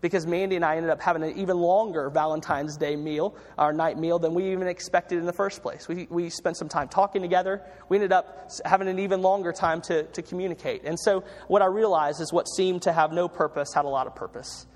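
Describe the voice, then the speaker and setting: A male pastor with a fairly high voice delivers a conversational sermon, stumbling over and repeating words as he goes. His voice carries a long reverb, as if from a large church sanctuary. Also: fairly even intonation, a little fast, hardly any pauses. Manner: conversational preaching with frequent restarts and repeated words.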